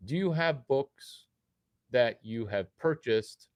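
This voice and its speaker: Here a man talks to his audience on camera at a slow pace, his mid-range voice full of lively intonation. His monologue wanders erratically, quizzing viewers as it skips across topics, and the sound is clean studio audio without echo.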